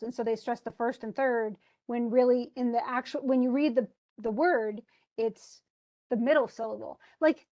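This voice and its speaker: Chatty woman teacher, fairly high voice. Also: darkish tone. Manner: chatty, explains with spoken examples, laughs easily. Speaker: English instructor. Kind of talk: casual one-on-one tutoring.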